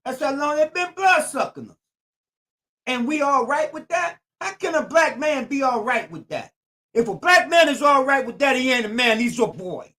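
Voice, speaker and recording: An older man who hosts a YouTube channel preaches in AAVE in a streetwise commentary monologue. His very high voice is expressive, bright, and forceful at a normal speed, and his manner is preachy, repetitive, and emphatic.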